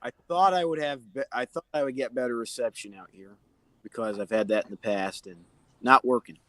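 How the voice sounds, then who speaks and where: A man's voice: mid-range voice, brisk, fairly bright tone, no room sound. Easygoing man talking over a phone. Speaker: panel guest. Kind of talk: casual chat. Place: outdoors.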